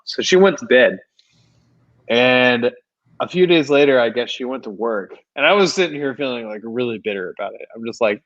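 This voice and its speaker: A man co-hosting a casual podcast, telling a story with lively mimicry. He is drunk. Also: mid-range voice, moderate pace, no echo, dull audio. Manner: animated storytelling, mimics people. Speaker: podcast co-host. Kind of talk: casual chat.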